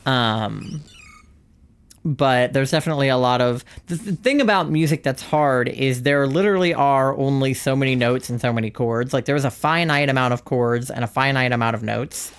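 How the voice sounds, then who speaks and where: A young-adult streamer talks loosely over gameplay. The speech rambles from thought to thought in a relaxed, chatty way, with frequent laughter along the way. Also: mid-range voice, moderate pace, smooth. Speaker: live streamer. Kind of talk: casual chat while streaming a game.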